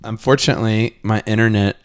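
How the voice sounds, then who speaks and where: A man's voice: lowish voice, fairly even intonation, fast, clear, resonant tone, no room sound, clean studio sound. A man co-hosting a podcast in casual chat, easygoing and self-mocking as he banters. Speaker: podcast co-host.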